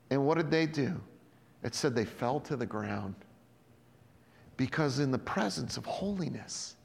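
A middle-aged male pastor preaching a sermon in a conversational, animated way, dropping to quiet emphasis on key points. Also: medium pitch, measured pace, gravelly, long pauses. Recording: long hall reverb.

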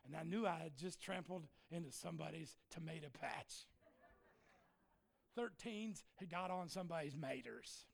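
A middle-aged man preaching a sermon to a congregation, telling folksy jokey stories and breaking into shouts. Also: a little high, moderate pace, gravelly. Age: middle-aged or older. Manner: folksy, joking, bursts into shouting. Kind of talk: sermon storytelling. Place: church in front of a congregation.

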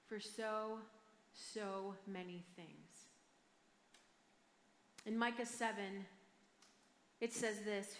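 A woman's voice: fairly high pitch, a bit bright. A woman pastor with a Michigan accent preaching a sermon, telling a personal story in a chatty, self-deprecating way with frequent asides. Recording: roomy hall reverb.

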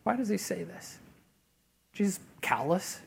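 Earnest man preaching, loud to hushed. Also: high-pitched, expressive, measured pace, creaky, breathy edge. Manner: earnest, swinging from loud emphasis to hushed near-whisper; conversational, with fillers and restarts. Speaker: pastor. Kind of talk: sermon.

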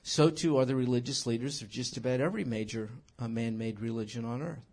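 A man teaching scripture in an animated sermon, emphatic and full of rhetorical questions. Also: mid-range voice, brisk. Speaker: Bible teacher.

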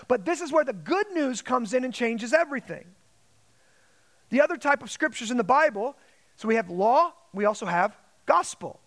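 Pastor, male, very high voice, preaching with dramatic emphasis. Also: a bit bright. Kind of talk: sermon.

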